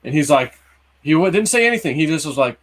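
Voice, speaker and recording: A man's voice: on the high side, sing-song, fast talker. A man in his early forties casually telling a long personal story on a livestream, rambling, with many fillers and restarts. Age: 40s. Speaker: livestream co-host.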